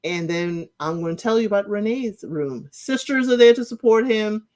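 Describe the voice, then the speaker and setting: A woman hosting a casual recap, chatty and opinionated, often saying "you know" and acting out quotes with jumps in pitch. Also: normal speed, darkish tone. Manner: acts out quotes with shifting pitch. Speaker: recap podcast host. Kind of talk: casual reality-show recap commentary.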